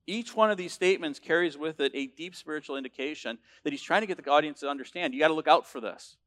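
A male pastor preaching a sermon, emphatic and building to loud declarations, with frequent restarts. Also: a little high, quick pace.

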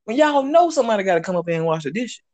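A man with a Southern US accent telling a story in casual chat, animated and profane, acting out what people said. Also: high voice, very fast. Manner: animated, profane, acts out quotes. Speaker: storyteller host.

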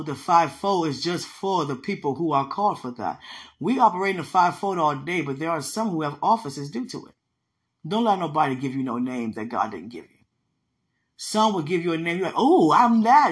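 Emphatic woman preaching conversationally. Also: low-pitched. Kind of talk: sermon-style teaching about a dream.

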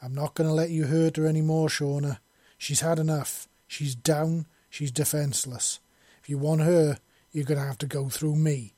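A man's voice: fairly high pitch, fairly even intonation, moderate pace, dry recording, natural voice. A man doing a big nervous spider-creature boy. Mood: urgent. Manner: shouting, pleading firmly. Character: large young spider-creature boy, fearful but protective.

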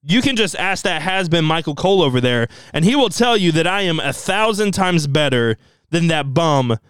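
A man's voice: a little high, animated, moderate pace, fairly bright tone, smooth, no room sound, clean studio sound. A man voicing a cocky, sneering wrestling commentator. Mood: boastful. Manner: boastful, sneering.

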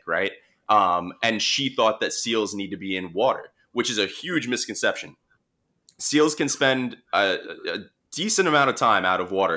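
Bright-voiced man with a Long Island accent. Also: on the low side. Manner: chatty, many restarts and fillers. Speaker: marine mammal responder. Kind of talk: casual storytelling conversation.

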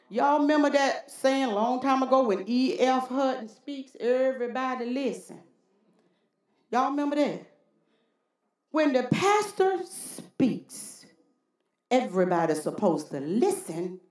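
A woman preacher delivering a folksy, animated sermon with call-and-response, in a church. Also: on the high side, takes it slowly, pauses often. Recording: roomy church hall echo.

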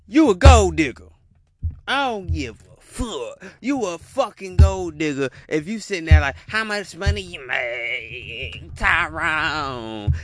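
A man's voice: on the high side, a bit bright, no room sound, studio quality. A man giving a heated, profane reaction rant, repeating his punchlines. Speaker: commentator reacting to a video.

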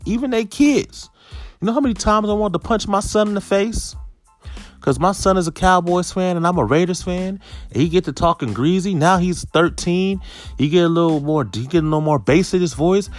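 A man's voice: high-pitched, normal speed, faint music behind. A middle-aged man doing stand-up comedy, talking conversationally and punctuating bits with "okay.". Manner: conversational, keeps saying okay.

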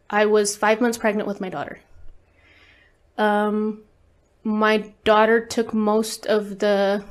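A woman's voice: mid-range voice, clean tone. A woman speaking as an interview guest, telling a personal story in a casual, candid way, swearing often and leaning on fillers. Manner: candid, profane, lots of fillers.

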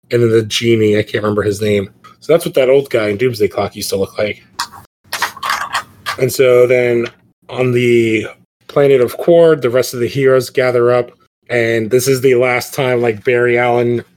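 A young man hosting a casual comic book podcast, talking in a rambling way with many fillers. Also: medium pitch. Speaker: podcast host.

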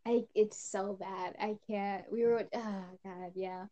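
A woman's voice: mid-range voice, steady tone, takes it slowly, warm tone, muffled recording. A teenage girl chatting casually on a podcast, telling a story full of giggles and bursts of laughter. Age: teens. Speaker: podcast co-host. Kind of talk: casual chat.

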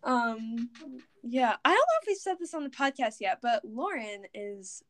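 Teenage girl, podcast co-host, giggly rambling chat, fairly high voice, very animated pitch. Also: moderate pace. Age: teens. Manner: giggly, rambling with many fillers. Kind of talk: casual chat.

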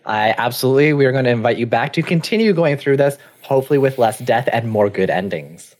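A man's voice: medium pitch, lively intonation, fast, darkish tone. A man hosting a live stream, chatting casually and thanking viewers with lots of fillers. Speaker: host of a live stream show.

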